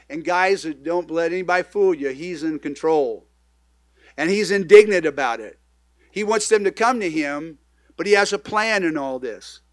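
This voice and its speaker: A middle-aged man who pastors a church, preaching in a loose, conversational way, now loud and now hushed. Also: fairly high pitch, dry recording, studio quality. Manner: conversational, animated preaching with sudden swings in loudness. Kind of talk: sermon.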